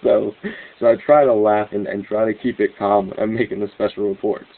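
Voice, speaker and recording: Excitable man on a tinny line. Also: lowish voice, fairly quick. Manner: rambling and excitable, with frequent restarts and cynical laughs. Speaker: host of a news commentary channel. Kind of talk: unscripted commentary monologue.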